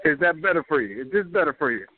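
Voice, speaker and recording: A man's voice: fairly high pitch, very animated, quick pace. A man calling in by phone, trading smug, teasing wrestling-style trash talk. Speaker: caller. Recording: tinny phone line.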